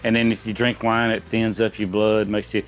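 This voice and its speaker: A man's voice: fairly low pitch, level tone, normal speed, faint music behind. A middle-aged man, a dad hosting a trivia chat, answering in rambling, folksy explanations. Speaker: quiz host, a gamer's dad answering questions. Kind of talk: casual chat.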